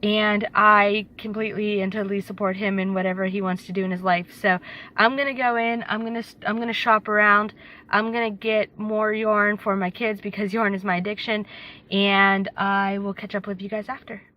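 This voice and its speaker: A woman's voice: mid-range voice, little pitch movement, normal speed, dull audio. A woman in her thirties chatting casually to a phone camera while out shopping, rambling with lots of fillers. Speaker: vlogger. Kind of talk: casual vlog chat. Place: out and about, in stores and car.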